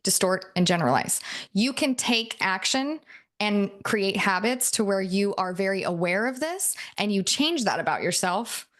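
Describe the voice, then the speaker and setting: Female coach, relaxed teaching talk, breaks into laughs, plays out quoted lines. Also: medium pitch. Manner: chatty, laughs often, acts out quotes. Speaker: NLP coach.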